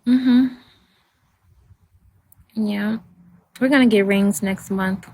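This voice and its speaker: A woman chatting casually on a livestream, rambling and soft-spoken as she answers viewers' comments. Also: mid-range voice, very slow, a little hiss or hum.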